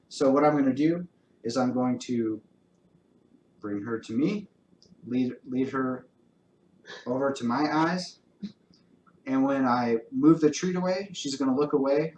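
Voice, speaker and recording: A man of middle pitch gives a dog-training lesson, explaining each step in a calm, encouraging way. His voice bounces around an indoor room with a noticeable echo, over a faint hiss. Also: distant mic. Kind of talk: instructional talk with live demonstration. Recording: roomy echo.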